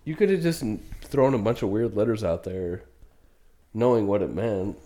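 A young adult man, a podcast co-host, telling stories in a loud, excitable, swearing way. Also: lowish voice, moderate pace. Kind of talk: casual chat, storytelling.

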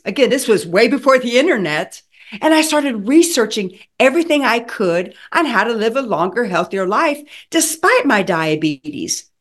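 Woman in her sixties, health coach, personal story, lively swooping pitch, fairly high voice, dramatic delivery. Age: 60s. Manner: animated, dramatic retelling with acted quotes.

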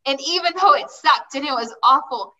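A woman's voice: high voice, moderate pace, sharp tone, distant mic, dull audio. A woman guest telling her life story in a chatty way, often quoting herself and saying "like". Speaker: interview guest. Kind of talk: personal storytelling.

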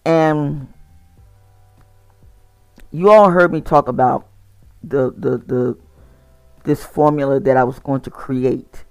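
A man's voice: mid-range voice, slow, pauses often, darkish tone, dry recording, faint music behind. A tired man talking casually to his community, rambling with frequent restarts and repeated words. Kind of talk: casual monologue to camera.

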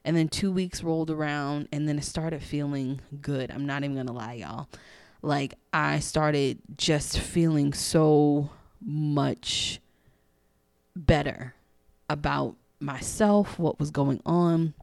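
A woman with a low voice hosts a podcast and tells a personal story in a candid, chatty way. She acts out the dialogue, sometimes dropping to a hushed voice. The sound is dry and close, with no room echo. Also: fairly even intonation, takes it slowly, gravelly, smooth. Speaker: podcast host.

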